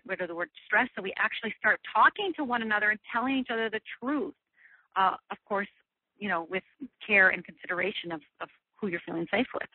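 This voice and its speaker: A woman's voice: mid-range voice, husky, no room sound. Woman teaching by phone, earnest, keeps asking right?, tinny thin sound, dry. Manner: earnest, repeats "right?" often. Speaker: guest teacher on fear. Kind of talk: teleclass talk. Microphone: telephone.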